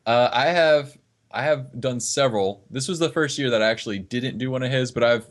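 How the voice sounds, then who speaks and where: A man's voice: mid-range voice, fairly quick. A man from northeast Florida, a fitness trainer talking earnestly as a podcast guest, often restarting his words. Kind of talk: casual podcast conversation.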